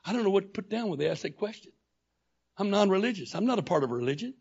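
Male preacher, raised pitch, gravelly rasp, dynamic delivery from hushed to shouted. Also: very animated, racing, dull audio. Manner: swings from quiet storytelling to shouting intensity. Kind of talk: sermon.

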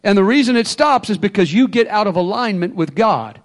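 High-voiced preacher. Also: male voice, lively intonation, fairly quick. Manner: emphatic, call-and-response. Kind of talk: sermon.

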